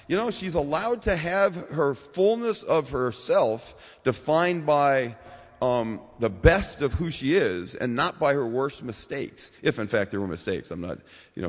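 A man's voice: on the low side, creaky, in a large hall. A man in his sixties giving a rambling, informal talk as a guest speaker in a church, with many fillers and asides.

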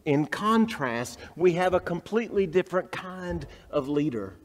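Male pastor, reflective storytelling sermon, slightly high voice, long reverb. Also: very animated, unhurried, few pauses. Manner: storytelling, reflective, drops soft for tender moments.

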